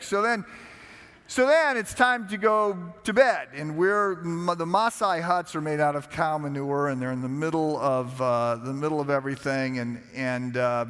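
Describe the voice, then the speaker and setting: A man, preaching a conversational sermon full of personal stories, relaxed and self-deprecating, with frequent restarts. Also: on the high side, moderate pace, clean tone, big-room sound. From United States. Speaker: pastor.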